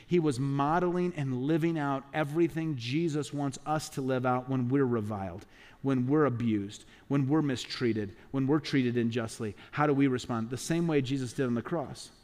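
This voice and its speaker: A man's voice: mid-range voice, moderate pace, darkish tone. A male pastor preaching a sermon, emphatic, with rhetorical questions and acted-out quotes.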